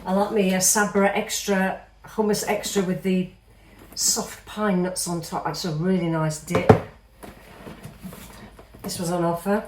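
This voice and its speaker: A woman's voice: on the low side, flat delivery, measured pace, pauses often, heavy background noise. A woman in her fifties from England with a light Midlands accent, rambling in a casual vlog and sounding a little nasal after a night of sneezing. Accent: English Midlands. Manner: chatty, rambling, self-deprecating. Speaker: vlogger. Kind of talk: casual chat.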